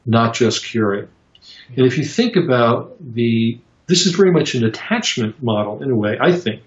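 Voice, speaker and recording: A man answering interview questions about psychotherapy in a halting, reflective way, with many fillers and restarts as he tells stories. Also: medium pitch, expressive. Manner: reflective storytelling. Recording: roomy, dull lo-fi sound.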